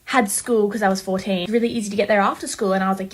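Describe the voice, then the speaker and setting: Young woman, casual storytime, chatty, animated, mid-pitched voice. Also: quick pace, few pauses.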